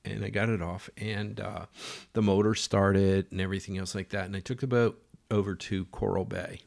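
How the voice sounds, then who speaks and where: Middle-aged guy rambling through a story, lowish gravelly voice, lots of ums. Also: fairly even intonation, moderate pace, darkish tone. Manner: rambling, conversational, with many fillers and acted-out quotes. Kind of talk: casual spoken storytelling.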